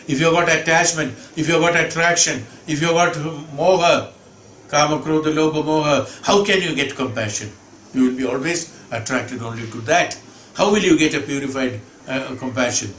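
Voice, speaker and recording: A man's voice: on the high side, fairly bright tone. A man teaching a scripture discourse, emphatic, repeating phrases and asking rhetorical questions. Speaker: spiritual teacher. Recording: echoey room with background hum.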